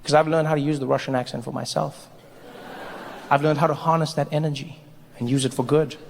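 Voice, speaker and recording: A man performing a stand-up comedy set, animated, conversational and playful. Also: on the high side, brisk, gravelly. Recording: hall reverb, faint noise.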